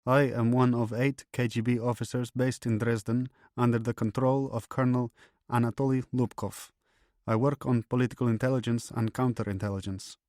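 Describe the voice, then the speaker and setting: A man voicing a calm young male Russian intelligence officer who answers formally and without hesitation, over loud background music. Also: mid-range voice, brisk, dry recording, studio quality, pitched above the performer's own voice, natural voice. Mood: composed. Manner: steady, unhesitating, formal. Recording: loud music bed under voice.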